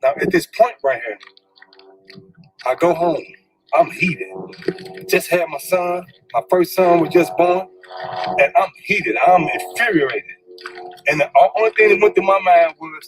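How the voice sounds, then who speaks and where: A man's voice: sits high, a little slow, pauses often, rough recording. A middle-aged man, candidly telling a personal story in informal speech, stumbling over repeated words when stirred up.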